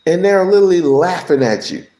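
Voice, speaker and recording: A man co-hosting a call-in livestream, giving slow, lecturing commentary. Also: high-pitched, animated, mellow. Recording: roomy echoey room.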